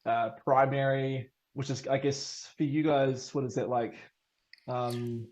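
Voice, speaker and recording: A man's voice: mid-range voice, fairly even intonation, takes it slowly, darkish tone. A man with a New Zealand accent chatting casually as a podcast guest, laughing often and filling gaps with ums. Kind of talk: casual chat.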